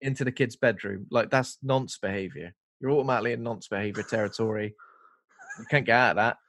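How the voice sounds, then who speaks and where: A man's voice: on the low side, quick pace, no echo. A young man co-hosting a casual film review podcast, telling stories and acting out what characters say. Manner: animated storyteller who acts out quotes. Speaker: podcast co-host.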